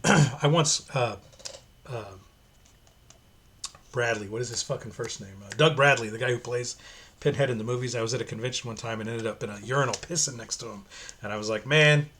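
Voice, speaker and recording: Sweary opinionated guy reading comics out loud, rambly, forceful voice. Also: mid-range voice, steady tone, a little fast, pauses often, a little hiss or hum. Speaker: comic reviewer. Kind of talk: casual commentary reading a comic aloud.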